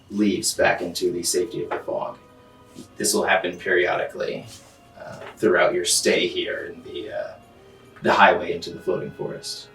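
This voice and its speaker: A man narrating a tabletop game as game master. He describes scenes at length, often pausing on ums and uhs. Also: sits low, a bit bright. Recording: roomy, distant mic, faint music.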